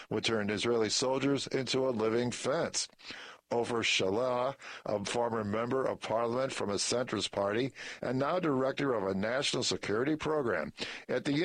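A man reading newspaper articles and a short story aloud in a measured, even delivery. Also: medium pitch, no echo. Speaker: news article reader.

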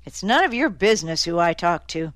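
A woman's voice: fairly low pitch, sing-song, fairly quick, a bit bright, no echo, studio quality. A woman doing a surly, grumbling drunk brute. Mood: sullen. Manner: grumbling, sullen. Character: big, drunk, surly man in a trailer park. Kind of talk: audiobook character voice.

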